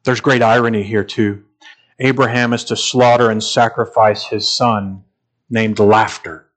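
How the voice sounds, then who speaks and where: A man preaching a sermon as a pastor, earnest and measured, pausing and repeating phrases, building to emphatic stretches. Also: on the low side, fairly even intonation.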